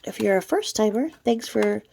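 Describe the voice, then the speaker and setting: Woman vlogging to camera, real gravelly voice, rambly and chatty, goes whispery sometimes. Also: medium pitch, lively intonation, normal speed, dark tone, slight background noise. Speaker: channel host. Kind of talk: casual vlog commentary.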